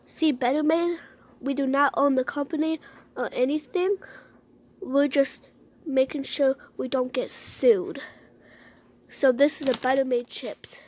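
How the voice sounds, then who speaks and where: A woman's voice: sits high, unhurried, long pauses, darkish tone. A girl hosting a playful home-made skit, teasing and dramatic. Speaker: video creator.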